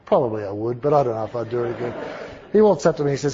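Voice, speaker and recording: A man giving an animated, conversational storytelling sermon with asides to his audience. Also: mid-range voice, racing, crowd noise. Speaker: speaker. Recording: dull lo-fi recording.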